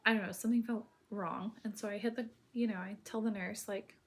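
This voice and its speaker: A woman telling her own birth story in casual, rambling speech full of filler words, now and then dropping to a soft near-whisper. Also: medium pitch, fairly even intonation, a little fast, slight background noise.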